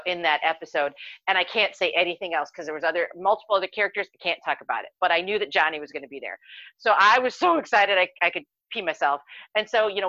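A woman on a podcast spinning a story in loose, casual chat, excitable and quick to curse. Her voice is bright and forward. The sound is dry and a little dull, like a lo-fi home recording. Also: on the low side, no room sound. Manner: excitable and animated, swearing casually. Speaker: podcast co-host.

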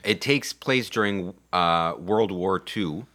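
A man's voice: deep voice, slow pace, fairly bright tone. A man co-hosting a podcast, recapping a movie in rambling casual chat with many fillers.

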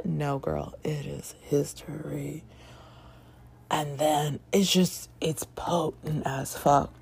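Young woman, book review vlog, unhurried, low voice, chatty and swearing. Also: vocal fry, husky. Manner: chatty, animated, swears and laughs often.

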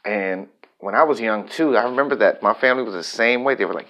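A man's voice: lowish voice, fast talker, dull audio. A man vlogging a personal, reflective monologue, talking candidly and rambling with frequent restarts.

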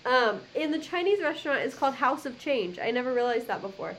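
A woman's voice: high-pitched, very animated, brisk, a bit bright, a little hiss or hum. A woman co-hosting a podcast, recapping a movie in casual chat, laughing often and leaning on "literally". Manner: chatty, laughs often, says "literally" a lot. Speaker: podcast co-host.

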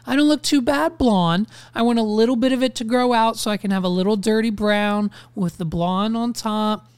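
A man's voice: high-pitched, moderate pace, clean tone, no echo. Profane, ranting young man hosting a podcast. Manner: ranting, profane, animated storytelling. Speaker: podcast host. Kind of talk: casual podcast monologue.

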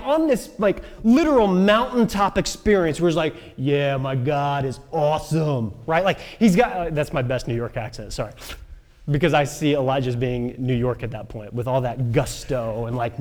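Male preacher, high lively voice, casual storytelling with fillers. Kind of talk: sermon.

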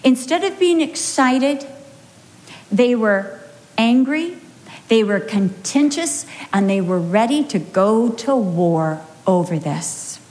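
A woman Bible teacher giving a sermon, animated and telling stories with acted-out quotes. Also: a little high, takes it slowly.

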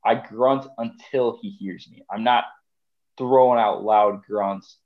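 A man's voice: fairly low pitch, fairly even intonation, slow, narrow, tinny audio. A man chatting casually on a podcast as a guest, rambling with lots of fillers. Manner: rambling, conversational, many fillers. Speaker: podcast guest, deer hunter.

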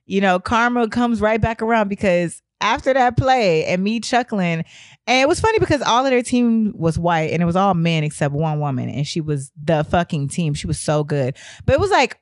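Young woman, hoarse and animated. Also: mid-range voice, normal speed, dry recording, clean studio sound. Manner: animated, swearing, laughs often, slangy. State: hoarse from a lost voice. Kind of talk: casual storytelling to camera.

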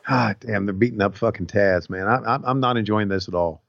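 A man's voice: fairly low pitch, brisk, vocal fry, a bit bright, no room sound. An older man co-hosting a podcast, with laid-back, chuckling reactions. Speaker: podcast co-host. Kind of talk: casual podcast chat. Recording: dull lo-fi sound.

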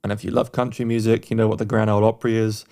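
A man's voice: lowish voice, little pitch movement, fast talker, dark tone. A man co-hosting a music podcast, talking enthusiastically in casual, rambling chat with frequent restarts. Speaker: podcast co-host reviewing songs.

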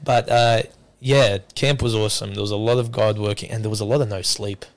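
A man hosting a casual podcast, hoarse after losing his voice, joking and lively. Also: fairly low pitch, fairly quick. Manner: joking, animated storyteller. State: hoarse from lost voice. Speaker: podcast host. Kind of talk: casual chat.

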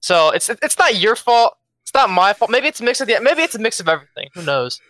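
A man's voice: sits high, sing-song, quick pace, pushed and bright, dry recording. A young man with a strong Philadelphia accent, jet lagged, chatting casually as a guest and repeating words while he thinks. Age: young adult. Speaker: esports player guest. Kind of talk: casual interview.

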